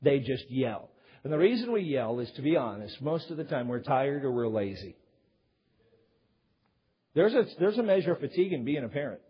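A man preaching a sermon, his husky voice rising and falling in lively swings. His words ring out with a long hall reverb, and the recording sounds dull and lo-fi. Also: medium pitch, moderate pace, long pauses. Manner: animated storyteller, acts out yelling quotes. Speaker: pastor.

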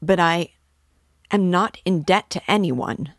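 A ragged, feverish young man stands his ground defiantly, as a woman with a low voice reads him. His pride pushes through his weakness. The sound is dry. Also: moderate pace, dry recording, lightly acted. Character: poor young male student, feverish, proud and defiant.

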